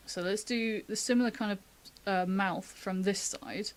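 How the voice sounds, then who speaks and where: A woman's voice: mid-range voice, fairly even intonation, a little slow. A woman giving a casual live-streamed drawing tutorial, chatty and thinking aloud as she sketches, laughing often, from the UK. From United Kingdom. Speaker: artist giving a drawing demo.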